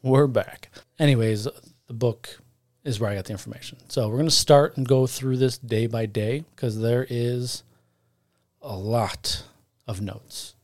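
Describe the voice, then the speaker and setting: A man's voice: mid-range voice, steady tone, measured pace, a little mellow, no echo. Man, podcast co-host, casual storytelling, rambling, self-correcting, jokey. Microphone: studio podcast mic.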